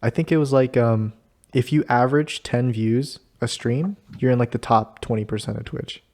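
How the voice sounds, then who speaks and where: Man, host, casual chat, easygoing, laughs often, mid-pitched voice. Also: steady tone, moderate pace, a little mellow.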